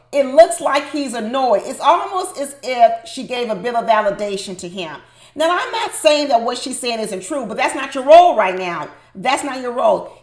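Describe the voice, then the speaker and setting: A woman with a fairly high voice delivers opinionated recap commentary on a reality show. She talks emphatically and straight to her viewers. Her voice rings in an echoey room.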